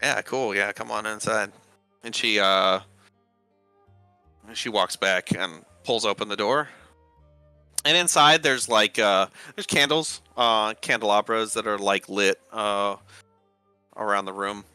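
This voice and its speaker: Game master, male, very bright tone, rambling casual narration, dry close mic. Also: on the low side, takes it slowly, pauses often, clean tone, dry recording, soft background music. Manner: rambling, many fillers.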